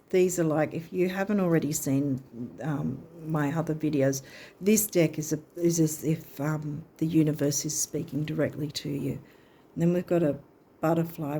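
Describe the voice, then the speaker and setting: A woman's voice: low-pitched, warm tone, husky. A woman giving a casual astrology and card reading, chatty and thinking aloud with hesitations.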